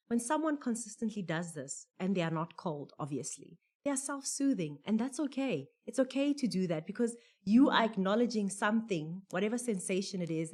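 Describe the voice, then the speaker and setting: A woman with a South African English accent, talking emphatically on a discussion panel and acting out quoted feelings. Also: medium pitch. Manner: lively, emphatic, acts out quotes. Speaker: panel expert.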